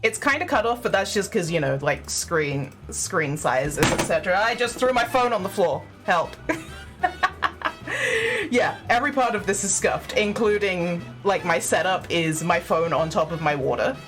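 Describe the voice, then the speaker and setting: A young woman streaming a game, chatty and self-deprecating, breaking into giggles between remarks. Her pitch bounces widely as she talks, and faint game music plays underneath. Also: lively intonation, moderate pace, a bit bright. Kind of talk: casual live-stream chat.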